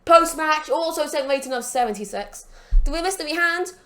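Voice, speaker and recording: A woman's voice: high voice, lively intonation, moderate pace, a bit bright. A woman hosting a gaming channel, casually narrating matches and rambling with jokes and plugs. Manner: rambling, joking, self-promoting. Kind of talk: casual game commentary. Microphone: desk mic with a broken stand.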